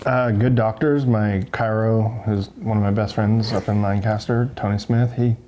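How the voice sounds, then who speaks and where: A man's voice: lowish voice, normal speed, a little hiss or hum. A middle-aged man, a former racer, telling stories casually in an interview and acting out what people said. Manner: animated, acts out quotes. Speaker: guest, former motocross racer.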